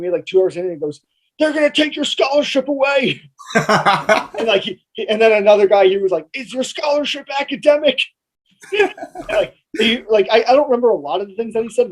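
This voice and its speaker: High-voiced young guy rambling. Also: poor audio. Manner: rambling, filler-heavy storytelling. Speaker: podcast co-host and college radio announcer. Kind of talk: casual sports chat.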